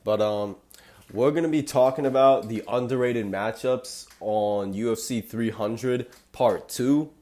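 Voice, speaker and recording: A man's voice: lowish voice, a little mellow. A young man with a sick, stuffy voice, casually breaking down fight picks as a channel host, loose and joking. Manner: loose and joking, says "y'all".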